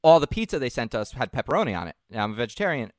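A man's voice: medium pitch, sing-song, rapid-fire, dry recording, clean studio sound. A man hosting a casual podcast, rambling and swearing a lot, with many "like"s. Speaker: podcast host. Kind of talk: casual chat.

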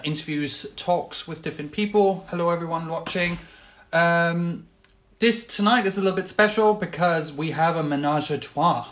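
A man's voice: fairly high pitch, a bit bright. A man hosting a casual video-call interview, friendly and chatty with many fillers. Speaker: podcast host.

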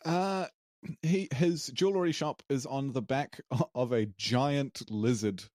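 A mid-range, slightly mellow male voice talks slowly in studio-quality audio with no echo. As podcast co-host and player, he casually recaps a tabletop game, hesitating, rambling and laughing with lots of fillers.

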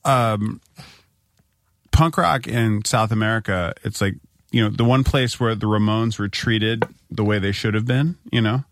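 A man's voice: on the low side, measured pace, dry recording, clean studio sound. A man co-hosting a podcast, chatting in an easygoing way. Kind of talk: casual chat.

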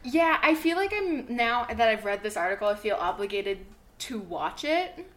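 Loud, animated young woman reading aloud. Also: fairly high pitch, moderate pace. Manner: loud and animated, laughing, trailing off. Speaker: podcast co-host. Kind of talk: casual chat, reading an article aloud.

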